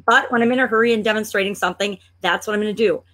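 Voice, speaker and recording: Woman, business coach, screen-share tutorial, chatty, thinking aloud, playfully exasperated, middle pitch. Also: a bit bright. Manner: playfully exasperated at a slow computer.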